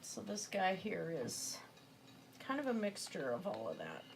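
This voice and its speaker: A woman's voice: on the low side, huge pitch swings, measured pace, creaky, noisy background. Chatty woman painting while she talks. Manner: chatty and rambling, with frequent fillers and self-corrections. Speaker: artist livestreaming a painting session. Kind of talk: casual chat while painting.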